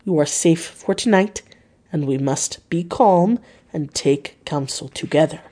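A woman reader voicing an elderly male professor who speaks in a calm, reassuring way. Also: sits low, moderate pace, slightly rough.

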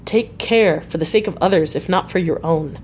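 A woman's voice: on the low side, moderate pace, darkish tone, slight background noise, lightly acted. A woman doing a stern old Dutch professor. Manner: broken English, grave and fatherly.

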